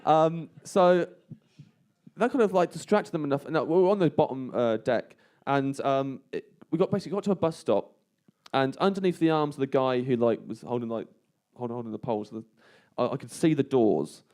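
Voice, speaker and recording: A man spins a comic story on stage in a mid-range voice, rambling and self-deprecating. He keeps laughing at himself and drops to a tense hush for the scary parts. The delivery is loose and conversational. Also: mid-range voice, lively intonation, fairly quick. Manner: hushed and tense when re-enacting fear. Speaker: comedian guest telling a story. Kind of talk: live comedic storytelling. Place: live venue on stage.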